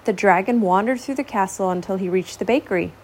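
A woman reading a children's picture book aloud in a slow, expressive, gently dramatic way. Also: mid-range voice, a little hiss or hum. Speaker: storyteller. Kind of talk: storybook read-aloud.

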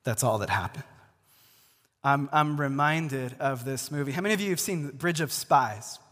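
A man's voice: medium pitch, moderate pace. A male pastor giving a conversational sermon to a congregation, talking casually and often restarting his words. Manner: relaxed, repeats words as he restarts, addresses the congregation directly. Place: church before a live congregation. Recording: long hall reverb.

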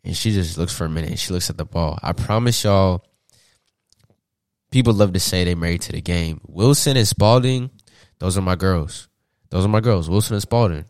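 A young man from Atlanta, a podcast guest, telling stories in a casual, slangy, animated way and laughing often. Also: sits low, normal speed, no echo, clean studio sound. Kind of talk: casual storytelling.

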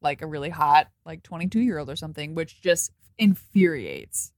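A woman's voice: deep voice, moderate pace, a little mellow, dry recording. A young adult woman co-hosting a podcast, chatting casually about a film, laughing often and swearing freely. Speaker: podcast co-host. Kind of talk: casual movie commentary chat.

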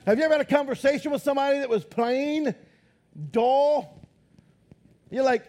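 A man preaching a lively sermon as pastor in a church, talking loud, excited and animated. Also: extremely high pitch, normal speed, pauses often. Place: church auditorium.

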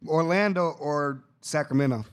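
A man rambles through a casual podcast chat with an excitable, slangy delivery. He repeats his points again and again as he argues them. His voice sits a little on the higher side. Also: normal speed, clear, resonant tone. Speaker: podcast host.

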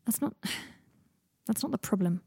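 A woman voicing a weary young man who speaks in a low-key, hushed way with dry humor. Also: lively intonation, a little slow, vocal fry, breathy edge, no room sound, heavily acted. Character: quiet, weary young man, gentle and wry.

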